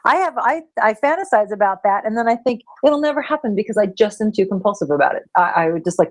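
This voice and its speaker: A woman co-hosting a podcast in upbeat casual chat, quick to laugh. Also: mid-range voice, lively intonation. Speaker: podcast co-host.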